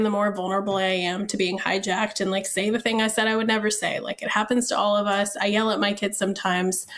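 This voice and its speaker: A woman speaking frankly and emphatically as a guest on a casual podcast about parenting. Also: mid-range voice.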